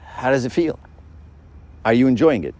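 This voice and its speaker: A man's voice: medium pitch, lively intonation, normal speed, a little mellow. A middle-aged man giving a casual faith talk to young people, talking conversationally, often tagging on "right?" and acting out quoted voices. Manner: conversational, keeps asking "right?".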